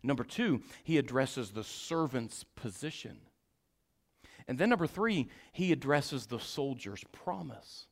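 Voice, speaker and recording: A man preaching a sermon, swinging from shouted exhortation to quiet, folksy storytelling as he acts out Bible figures. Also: mid-range voice, lively intonation, unhurried, gravelly. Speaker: pastor.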